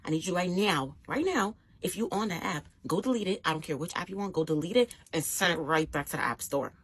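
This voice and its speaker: A husky, low-pitched woman tells a get-ready-with-me story time. She speaks emphatically, addressing viewers directly. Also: lively intonation, brisk, no room sound. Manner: emphatic, talks straight to viewers.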